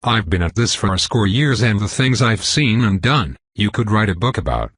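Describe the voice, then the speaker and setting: A man's voice: lowish voice, expressive, normal speed, fairly bright tone, breathy edge, dry recording. A man voicing a boastful, grouchy older male riverboat pilot with a Southern accent, rambling in a folksy, self-important way.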